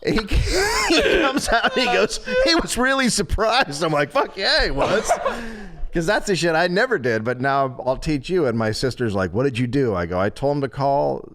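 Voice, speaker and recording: Middle-aged man from California, profane comic storyteller, lively swooping pitch. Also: moderate pace, background noise. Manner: profane, animated, laughs through punchlines. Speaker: podcast guest. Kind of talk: comedic storytelling.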